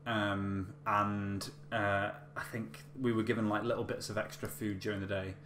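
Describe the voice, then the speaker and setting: Rambling male vlogger, low voice, roomy echo, casual storytelling. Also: level tone, normal speed, a bit bright. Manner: chatty, rambling with many fillers and restarts. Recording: echoey room with faint hum.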